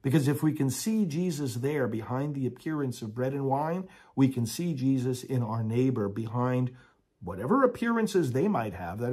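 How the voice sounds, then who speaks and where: A man's voice: mid-range voice, a little mellow, breathy edge. A man preaching a sermon with earnest emphasis, then leading prayers aloud as a priest.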